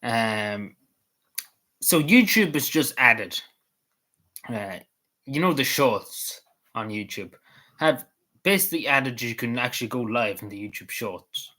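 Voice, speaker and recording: Rambling Irish man, bright voice. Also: mid-range voice, lively intonation, takes it slowly, pauses often. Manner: meandering, swears casually, lots of fillers. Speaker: vlogger. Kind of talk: casual rambling commentary.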